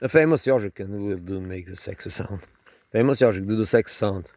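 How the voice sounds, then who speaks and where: A man's voice: fairly low pitch, a little fast, a little mellow, dry recording. A man with a non-native English accent hosting a vlog, chatting casually and teasing in a mock-announcer way. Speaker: vlog host. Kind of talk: casual joking chat. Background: birds calling.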